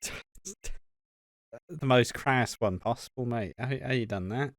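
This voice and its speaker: A podcast co-host recaps a soap episode in casual, crude banter, swearing, laughing and rambling. He speaks slowly at a medium pitch, and the recording is dry.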